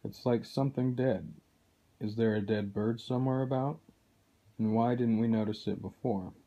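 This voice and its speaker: A man's voice: medium pitch, steady tone, normal speed, warm tone, dull audio, natural voice. A man reading aloud as an alarmed, disgusted schoolboy.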